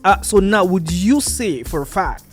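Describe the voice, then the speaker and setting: A young man with a Nigerian accent and a fairly high voice for a man. He co-hosts a relaxed discussion, pressing his co-host with long, winding questions. Soft music plays underneath. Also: a little slow. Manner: lively, probing, asks long questions. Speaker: podcast co-host. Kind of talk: casual discussion.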